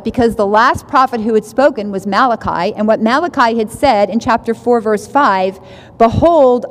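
Woman teaching scripture in a reverberant room. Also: a little high. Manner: conversational, restarts phrases, asks "right?". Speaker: Bible teacher. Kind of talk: Bible study teaching.

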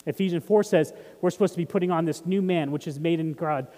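A man's voice: on the high side, fast talker, dark tone, long reverb tail. A man preaching a sermon as pastor, talking in a conversational way and putting questions to the congregation. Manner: conversational, asks the audience questions.

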